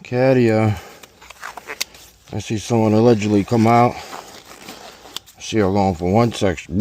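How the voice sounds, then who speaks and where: A man's voice: on the low side, unhurried, long pauses, slight background noise. A man in his forties tells a joking, profane story while he changes a car's oil outdoors at home. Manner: profane, joking, rambling and animated. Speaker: DIY car vlogger. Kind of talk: casual storytelling while working on a car.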